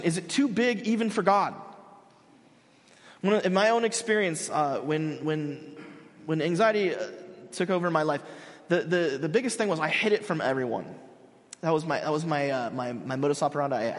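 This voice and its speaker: Preaching with animation, an earnest young pastor uses a slightly high voice and speaks in halting bursts, frequently starting phrases over. Long reverb from a big church hall surrounds his sermon.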